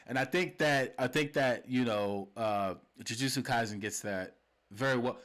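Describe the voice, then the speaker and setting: A young man co-hosting a podcast in casual chat, animated and often laughing, with many restarts. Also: mid-range voice, normal speed. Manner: animated, laughing, repeats and restarts, drops to a soft hushed voice. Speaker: podcast co-host.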